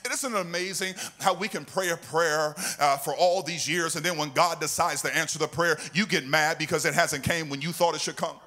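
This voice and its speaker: A man preaching a sermon in an animated, sing-song way, now and then breaking into shouts. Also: on the high side, brisk, hardly any pauses, soft background music. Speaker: pastor.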